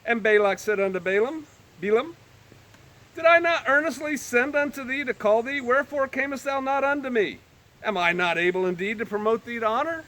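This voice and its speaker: A high-pitched man with a bright, sharp voice reads old scripture aloud. He keeps stopping to add joking, offhand comments in plain modern speech, like a Bible teacher talking to a small group. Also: brisk. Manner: reads old-fashioned scripture, then breaks in with joking everyday asides. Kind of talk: scripture reading with casual commentary.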